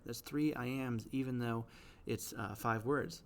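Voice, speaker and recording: A man's voice: medium pitch, unhurried, creaky. A man teaching poetry, checking understanding. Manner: explanatory, repeats "right?" to check understanding; taps out rhythms aloud. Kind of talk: classroom lecture video.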